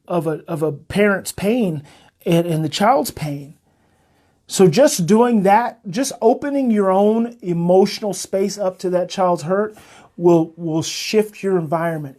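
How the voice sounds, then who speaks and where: A man hosting a heartfelt talk for parents, his voice husky with a breathy edge. He speaks with open emotion and repeats lines for weight. He often eases into a gentle, soothing tone. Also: high voice. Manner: emotional, earnest, repeats phrases, turns soft and soothing. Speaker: parenting coach and show host.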